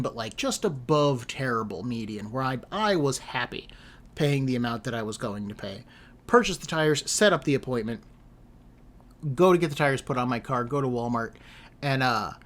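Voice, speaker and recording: A man casually telling a long rambling story in an exasperated, self-deprecating way. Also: medium pitch.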